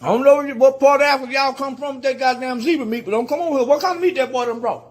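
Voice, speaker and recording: A man delivering a loud, profane rant in a video clip, repeating his insults over and over. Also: extremely high pitch, very fast. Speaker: guest commentator in a played clip.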